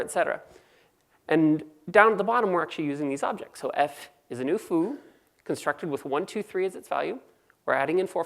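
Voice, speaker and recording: Californian woman, low gravelly voice, fast joking conference presenter. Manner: quick, joking, conversational. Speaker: conference speaker. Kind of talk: technical conference talk.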